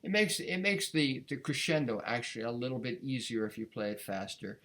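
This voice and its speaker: Man teaching violin, relaxed explaining. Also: medium pitch, fairly quick, soft background music. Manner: gentle, explanatory, with repeated restarts and sung counting. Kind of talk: casual instructional talk.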